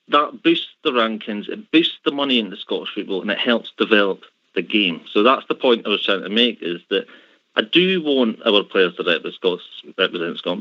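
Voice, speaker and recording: A man's voice: fairly low pitch, bright, forceful tone, dry recording, lo-fi sound. A man co-hosting a call-in radio show, talking earnestly with many restarts and casual swearing. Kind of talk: casual chat.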